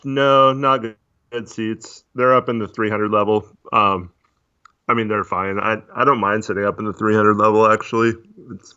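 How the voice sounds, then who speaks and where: A man chatting casually on a livestream, talking in a monotone with many fillers while reading chat. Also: lowish voice. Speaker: podcast co-host. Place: voice only on a live stream. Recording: dull lo-fi stream audio.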